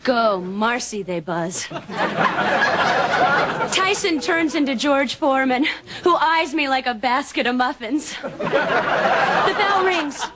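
An actress playing a prim, sharp-tongued sitcom neighbor with a crisp, sarcastic delivery. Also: female voice, sits high, lively intonation, slow, pauses often, very noisy. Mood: dramatic. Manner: crisp, sarcastic, dramatic storytelling. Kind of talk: sitcom acting. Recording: loud studio audience laughter.

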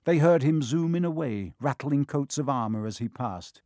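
A man narrating a children's fantasy novel in a steady, expressive audiobook reading. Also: mid-range voice, moderate pace, dry recording, studio quality.

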